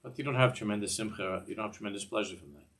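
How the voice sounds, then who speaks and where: A man's voice: lowish voice, rapid-fire, creaky, a bit bright. An older man teaching a Torah class in a discursive way, often repeating words and mixing in Hebrew phrases.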